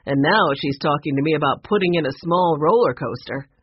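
A gentle middle-aged man, downcast and worried, speaking in a low, slightly husky voice, as a woman reads him aloud. The recording sounds dull and muffled. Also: brisk, dry recording.

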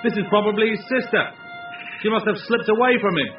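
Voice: medium pitch, fairly quick, voice pushed up, close to an everyday voice. A performer voicing a gossipy bystander who confides matter-of-factly, on dull, distant audio with music. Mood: confiding.

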